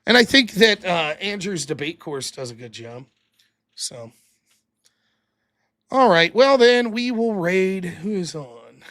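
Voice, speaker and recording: A man's voice: high voice, lively intonation, slow pace, long pauses, a bit bright, no echo, studio quality. A man hosting his own live stream, chatting casually in a loose, rambling way and swearing freely. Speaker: live streamer and show host. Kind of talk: casual late-night live stream chat.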